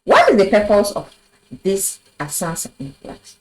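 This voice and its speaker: A woman teaching a French lesson at a board, explaining slowly and asking her viewers rhetorical questions. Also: medium pitch, wildly swooping pitch, a little mellow, a little hiss or hum, low-quality recording. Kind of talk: video language lesson. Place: in front of a board.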